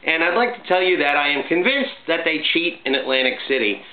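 A middle-aged man hosting his own vlog, talking in a chatty, upbeat, jokey way full of shout-outs. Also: fairly high pitch, expressive, brisk. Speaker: vlog host. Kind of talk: casual home vlog monologue. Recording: echoey, tinny phone-like sound, faint hiss.

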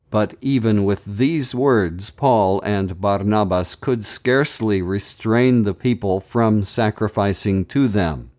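A man hosting a daily Bible reading podcast, reading scripture aloud in a measured, deliberate way with brief commentary. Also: on the low side, darkish tone.

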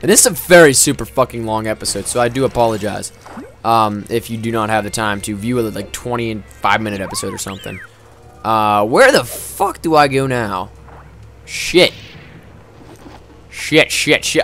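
Loud, profane young gamer yelling. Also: male voice, lowish voice, animated, soft background music. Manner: quick swings between ranting and sheepish apologies. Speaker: gaming video host. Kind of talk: let's-play gaming commentary.

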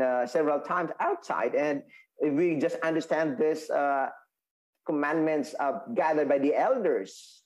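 A man teaching a Sabbath school Bible lesson, explaining slowly with many restarts and fillers. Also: on the high side, a little mellow, poor audio. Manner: explaining, repeats and restates points, halting with fillers.

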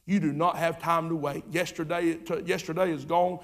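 A pastor preaching a sermon in a church, fervent and repetitive, swinging from loud urging to quiet asides. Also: male voice, a little high, flat delivery, a little fast, hardly any pauses. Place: church sanctuary.

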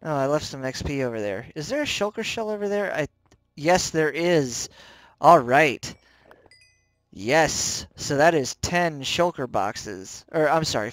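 A man narrating his own gameplay in a slightly raised voice, reacting excitably and yelping whenever things go wrong. He talks in an unhurried way, close to the mic in a dry, dead room. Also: fairly high pitch, dry recording. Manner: excitable, jumpy reactions with frequent yelps and self-mockery. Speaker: let's play host. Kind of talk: gameplay commentary.

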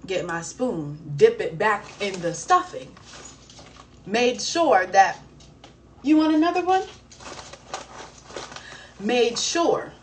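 Young woman, live-stream host. Casual, animated storytelling with slang and swearing, a little off-mic with faint noise behind her. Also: on the low side. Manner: animated, slangy and profane, with exclamations. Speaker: live-stream host answering viewer questions. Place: home, streaming live while eating. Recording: voice a bit distant from the mic, faint background noise.

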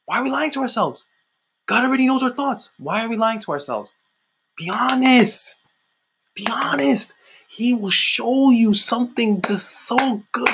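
A man's voice: high-pitched, noisy background. A man preaching an impassioned sermon, often repeating phrases and calling his listeners "guys".

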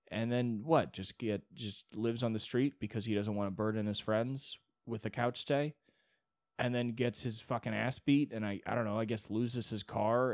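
A man's voice: lowish voice, no room sound, studio quality. A young man hosting a solo podcast, rambling in a casual monologue with many restarts and frequent swearing. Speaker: podcast host.

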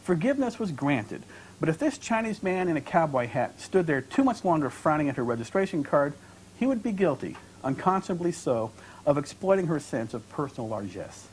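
A man, an author and creative writing professor, reading from his novel in a measured, expressive storytelling manner. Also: fairly high pitch, a little hiss or hum, poor audio. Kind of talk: literary reading.

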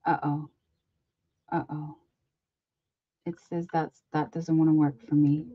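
A woman's voice: low voice, little pitch movement, takes it slowly, slightly rough, no room sound, highs cut off. A woman hosting a live crafting stream, chatting casually and reading out viewer comments as she greets them by name.

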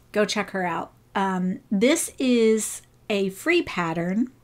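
A woman hosting a crochet channel, casually showing off viewers' craft projects and gushing over each one. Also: mid-range voice. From United States. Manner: gushing, enthusiastic praise.

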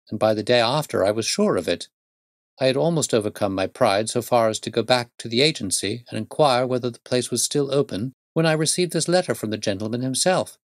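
A proud young governess telling her tale in a measured, formal way, as a male reader puts her on. The voice sits at a middling pitch and sounds close and dry. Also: no room sound, lightly acted. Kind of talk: audiobook reading.

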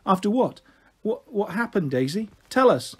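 Storybook girl, eager and nosy, a man putting her on with a husky, lively voice. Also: sits high, normal speed, full character voice. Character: curious eager young girl.

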